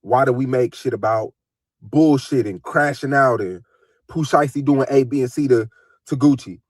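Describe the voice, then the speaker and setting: A man's voice: mid-range voice, normal speed, dry recording, clean studio sound. A man ranting in casual commentary, firing off rhetorical questions and repeating himself.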